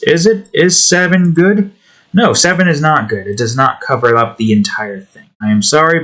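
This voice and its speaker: This man's voice sits at a medium pitch with a slightly bright quality. A hobby game developer, he chats casually while building his own game, rambling, swearing, talking to the pieces he edits, and jokingly putting on a redneck drawl.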